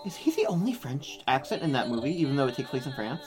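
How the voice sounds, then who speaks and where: A man's voice: medium pitch, very animated, fast talker, music in the background. A man from the United States co-hosting a podcast, joking casually and saying "like" a lot. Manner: joking, filler-heavy with "like". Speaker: podcast co-host. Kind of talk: casual chat.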